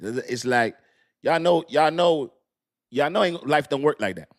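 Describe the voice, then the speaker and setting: Dude w on a crypto stream, slangy and hyped, loud then quiet. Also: male voice, fairly high pitch, a little slow. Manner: animated slangy street talk, swings loud and soft. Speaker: crypto livestream host. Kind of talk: casual livestream chat.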